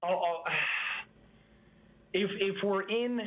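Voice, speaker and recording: A young man from the Boston area, a baseball pitcher, chatting casually as a guest with lots of fillers and restarts. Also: drawn-out words. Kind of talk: casual interview on a phone line. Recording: tinny phone line.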